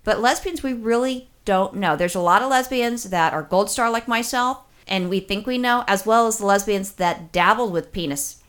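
A woman's voice: mid-range voice, moderate pace, hardly any pauses, fairly bright tone. A woman co-hosting a podcast, talking in a blunt, profane and joking way. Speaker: podcast co-host. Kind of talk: casual comedic chat.

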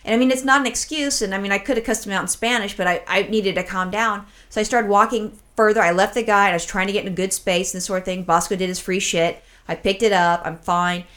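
A woman co-hosts a podcast and tells a story with casual, swearing excitement. She acts out her own reactions as she goes, in a voice of ordinary pitch for a woman. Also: fast talker, few pauses. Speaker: podcast co-host.

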